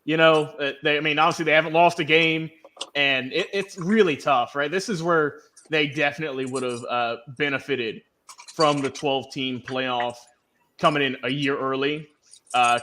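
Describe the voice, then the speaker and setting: An easygoing man hosts a sports panel, hesitating often as he talks. His tone is bright and forceful, and his voice sits a little high. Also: normal speed, slight background noise. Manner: easygoing, hesitant, many ums. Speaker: sports show host. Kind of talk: casual sports panel hosting.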